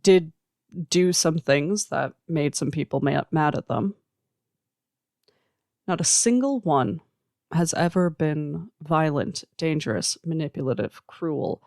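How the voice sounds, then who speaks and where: Earnest podcaster with a gravelly voice. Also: mid-range voice, no room sound, clean studio sound. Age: adult. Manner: earnest, emphatic, listing points in slow measured runs. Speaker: podcast host who works with teens. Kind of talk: reflective solo podcast monologue.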